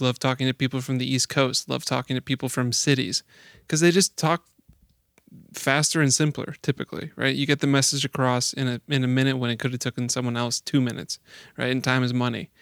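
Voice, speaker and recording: Man from Chicago, gravelly mid voice, relaxed chatter, dry room. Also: medium pitch, a little fast, no echo. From Chicago area. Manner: easygoing, laughs often, frequent "like" and "you know". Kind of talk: casual chat.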